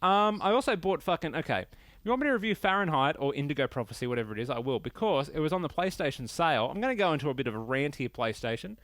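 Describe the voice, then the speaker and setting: A man's voice: a little high, quick pace, dry recording. Guy rambling on his podcast, swears a lot, gets ranty, dry close sound. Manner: rambling, profane, animated rants. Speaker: podcast host reviewing games. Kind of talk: casual solo podcast talk.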